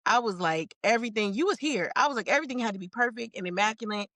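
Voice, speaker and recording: A woman guest in a casual chat, candid and relaxed, laughing often and restarting her sentences. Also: fairly high pitch, quick pace, no room sound.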